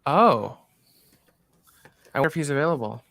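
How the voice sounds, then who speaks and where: A man's voice: a little high, lively intonation, moderate pace, vocal fry, a bit bright, no room sound. A man hosting a casual movie watch-along, chatting with enthusiasm. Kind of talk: casual chat.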